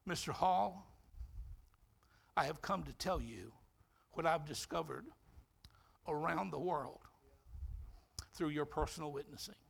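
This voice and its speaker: A preacher voicing a gentle, kindly pastor. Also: male voice, on the high side, unhurried, vocal fry, pauses often, husky, heavily acted. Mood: gentle, inquiring.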